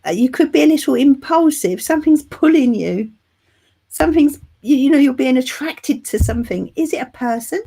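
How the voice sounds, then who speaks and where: Her voice is high-pitched, animated, creaky and mellow, moving at a normal speed. She's a middle-aged woman from England, recovering from flu, who hosts a channel where she reads tarot live and chats warmly with viewers, calling them "love" and "darling."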